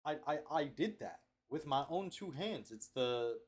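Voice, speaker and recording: A man's voice: a little high, expressive, a little slow. A young man rambling through a confessional video diary at home on his webcam, trailing off and repeating himself. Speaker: video diarist.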